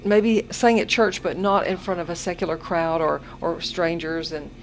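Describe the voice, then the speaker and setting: An older woman hosting a casual morning radio interview, chatty and quick to laugh. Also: fairly low pitch, steady tone, poor audio. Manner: chatty, laughs easily, has the hiccups. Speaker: radio show host. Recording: AM radio broadcast with faint noise.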